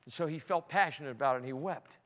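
A middle-aged male pastor preaching a sermon, swinging between loud emphatic peaks and soft low asides. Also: quick pace. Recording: long hall reverb.

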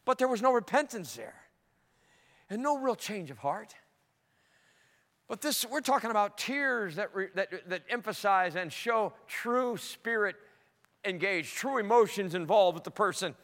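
A middle-aged male pastor preaching a sermon, swinging between loud emphatic peaks and soft low asides. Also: animated, unhurried. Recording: long hall reverb.

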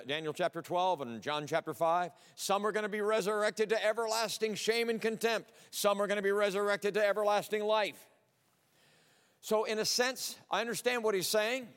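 High-voiced man preaching in a reverberant hall. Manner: emphatic, swings between loud declarations and low earnest asides. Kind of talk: sermon.

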